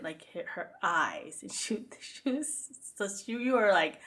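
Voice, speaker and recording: A woman's voice: on the high side, sing-song, normal speed, few pauses, fairly bright tone. A middle-aged woman co-hosting a podcast, telling stories in casual chat and laughing often. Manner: giggly, chatty storyteller. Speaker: podcast co-host.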